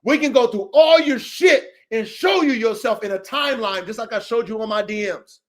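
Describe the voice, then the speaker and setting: A man's voice: extremely high pitch, normal speed. A man hosting a dog-training show, delivering a heated, profane, repetitive rant that calls out a rival.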